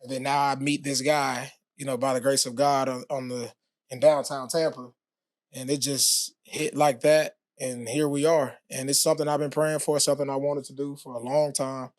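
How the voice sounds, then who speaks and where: A man talking as a podcast guest, telling his story in a relaxed way with many fillers. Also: mid-range voice, moderate pace, no room sound, clean studio sound. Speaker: podcast guest, former pro football player. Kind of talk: casual interview talk.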